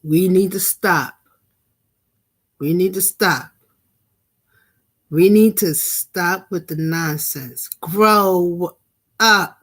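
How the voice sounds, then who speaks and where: A middle-aged woman talks slowly to her live-stream viewers, sermonizing in a relaxed, conversational way. She circles back and repeats key phrases for emphasis and breaks into laughter at times. Her voice sits a bit low. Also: breathy edge. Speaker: vlog host and minister. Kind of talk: casual live-stream commentary.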